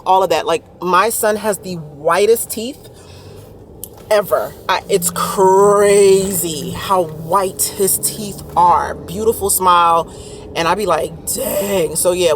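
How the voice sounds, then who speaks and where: A woman's voice: lowish voice, a little hiss or hum. A woman, chatting casually to viewers in her vlog. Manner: chatty, addresses viewers as y'all. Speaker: vlogger.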